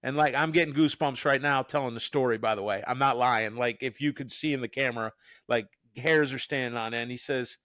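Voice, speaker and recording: A man hosting a podcast, telling a story in a casual, animated way, with frequent restarts and acted-out quotes. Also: medium pitch, fairly quick, dry recording. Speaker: podcast host.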